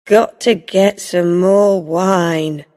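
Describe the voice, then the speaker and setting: A woman's voice: on the low side, steady tone, extremely slow, darkish tone. A woman voicing a drunk, red-faced man who is angry and confused in a storybook reading. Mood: drunk bluster. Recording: long reverb.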